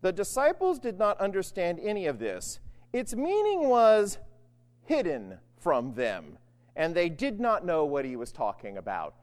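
A preacher giving a conversational Bible teaching, often checking in with "right?" and swinging between loud, emphatic lines and hushed ones. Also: medium pitch, wildly swooping pitch, measured pace. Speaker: preacher teaching on the Gospel of Luke. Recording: long hall reverb.

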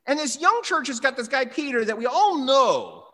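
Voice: high-pitched, moderate pace. A preacher reading scripture aloud and then explaining it in an emphatic, conversational way, often asking "right?". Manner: animated, emphatic, with frequent "right?" asides. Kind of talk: Bible reading and sermon commentary. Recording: long hall reverb.

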